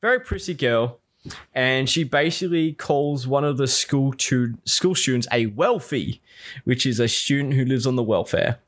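A man's voice: mid-range voice, normal speed, a bit bright. Casual male recapper, profane and exasperated, mimics characters mid-story. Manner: profane, exasperated, acts out quoted lines. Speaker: reviewer recapping a show.

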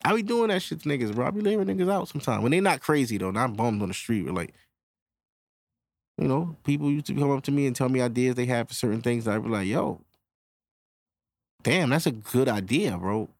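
A podcast host delivers a casual monologue on his own, loose and foul-mouthed, voicing quick back-and-forth characters. His medium-pitched voice is expressive with a darkish tone, and the sound has no echo.

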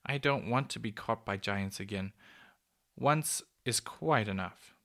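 A man's voice: fairly low pitch, measured pace, a bit bright. Guy doing an eager little boy asking questions, storybook reading. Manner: eager, earnest. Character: eager young boy Peter.

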